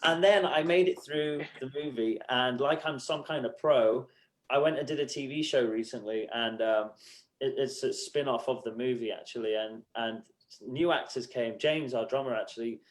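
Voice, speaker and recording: A man's voice: medium pitch, normal speed. An English man, a musician guest on a podcast, telling self-mocking stories in casual chat. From England. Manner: animated storytelling, self-mocking, laughs often.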